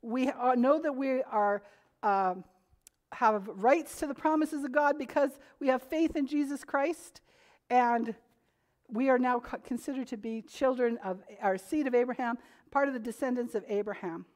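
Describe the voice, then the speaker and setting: A woman's voice: sits high, normal speed, a little mellow. A woman preaching a sermon to her congregation, earnest and growing emphatic when she reads scripture aloud. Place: church.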